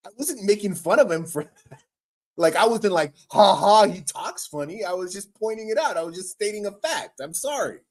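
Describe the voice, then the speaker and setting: Man, livestream host, profane exasperated rant, stammering, animated pitch. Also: moderate pace.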